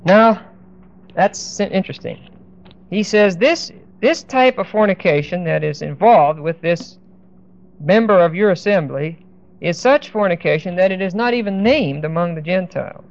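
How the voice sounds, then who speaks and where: Man teaching a Bible lesson, deliberate. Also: sits high, expressive, vocal fry. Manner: deliberate, emphatic, pauses to look up verses. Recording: dull lo-fi recording.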